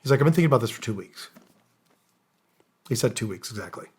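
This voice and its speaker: A man's voice: mid-range voice, lively intonation, fast talker, darkish tone, husky. A middle-aged man, a guest on a podcast, telling his story casually and earnestly, acting out quoted dialogue and using casual slang. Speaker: podcast guest, former special operations soldier.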